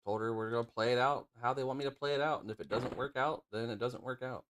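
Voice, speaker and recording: A man's voice: mid-range voice, fast, a bit bright. A man streaming a game, muttering casual commentary while sorting his items. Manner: mumbled, offhand remarks while sorting items.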